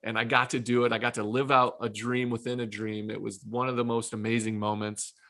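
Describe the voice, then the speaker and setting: A man, a former pitcher, telling a long personal story in a casual podcast chat, acting out his own past lines. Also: a little fast. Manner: animated anecdote telling, self-quoting.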